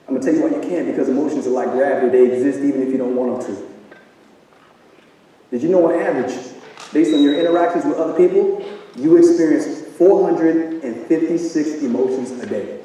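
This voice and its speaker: A man delivers a motivational talk to a live audience, pressing them with question after question in a preachy style. His voice sits a little high but sounds mellow and dark. It is heard from a distance in a large, booming hall with long reverb. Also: expressive, a little fast. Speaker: event speaker. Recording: echoey hall from far off.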